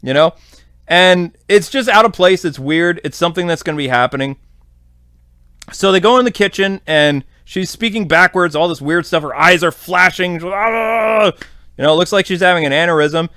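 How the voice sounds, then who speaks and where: Podcast host, man, somewhat high voice, rambling casual recap, very dry sound. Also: moderate pace, sharp tone, smooth, no room sound. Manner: rambling, filler-heavy.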